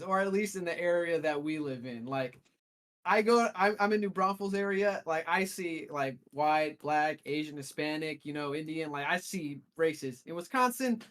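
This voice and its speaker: A man's voice: on the high side, expressive, normal speed, a bit bright. A man telling a long, rambling story as a co-host in a casual podcast chat. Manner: rambling storyteller, restarts often.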